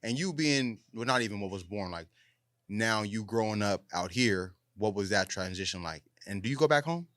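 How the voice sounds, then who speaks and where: A man's voice: lowish voice, expressive, moderate pace, a bit bright, dry recording, clean studio sound. A man hosting a podcast, asking curious follow-up questions in casual slang. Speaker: podcast host. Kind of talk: casual interview chat.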